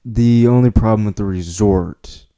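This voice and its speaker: A man's voice: fairly low pitch, unhurried, dark tone. A young man hosting a podcast, chatting casually and telling a rambling, laughing story with plenty of swearing. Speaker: podcast host. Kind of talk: casual chat.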